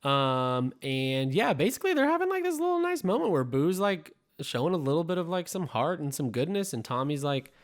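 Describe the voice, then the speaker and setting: A man's voice: a little high, a little fast, hardly any pauses. Casual male podcast co-host. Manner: animated retelling with quoted voices.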